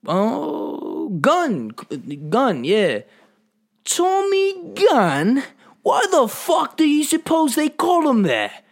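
A man putting on a loud, brash British bloke's voice, high and shouty. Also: sing-song, a little slow, few pauses, full character voice.

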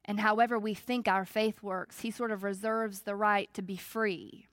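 A woman pastor giving a reflective, conversational sermon with measured pauses. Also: medium pitch, fairly even intonation, fairly bright tone, no room sound.

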